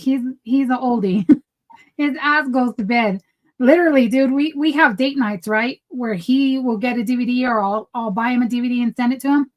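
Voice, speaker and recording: A young woman with a slightly high voice talks in a relaxed, casual way. She tells stories with lots of energy and slips into acting out both sides of the conversations she describes. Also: rough recording. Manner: animated storytelling, acts out quoted dialogue. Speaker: podcast co-host. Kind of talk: casual chat.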